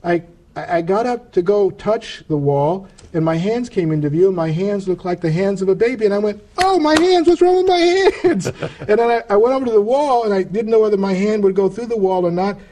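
Male interview guest, earnest testimony, halting with restarts, mellow tone, a bit high. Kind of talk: personal testimony storytelling.

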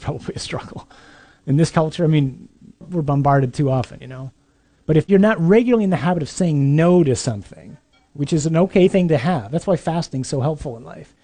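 A man's voice: on the high side, warm tone. A man, a priest, giving a conversational sermon to young adults, emphatic with dry humorous asides.

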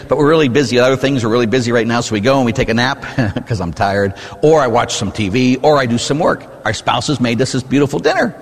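Male Catholic priest, lively homily delivery, husky, church reverb. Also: medium pitch. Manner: animated storytelling, rhetorical questions with "huh?". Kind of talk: sermon.

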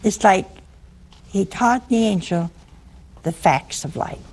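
A woman's voice: medium pitch, slow pace, a little mellow, a little hiss or hum. A woman preacher giving a sermon to a live audience, humorous, teasing and conversational.

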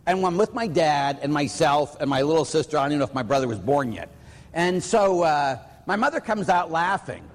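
Priest preaching in a reverberant hall. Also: male voice, fairly high pitch, animated, brisk. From Pittsburgh, USA. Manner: storytelling, anecdotal and plainspoken. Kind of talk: conversational sermon.

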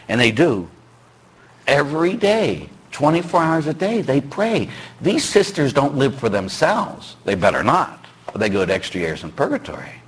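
A male Catholic priest giving a sermon in a conversational, joking way, with rhetorical questions and sudden shouted bursts. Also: mid-range voice, slightly rough. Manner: bursts into shouting when acting out stories.

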